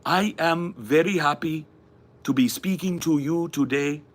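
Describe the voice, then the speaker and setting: A man's voice: on the high side, a little slow, voice pushed up, natural voice. A man putting on a generalized West African-style accent as a proud, formal speaker introducing himself.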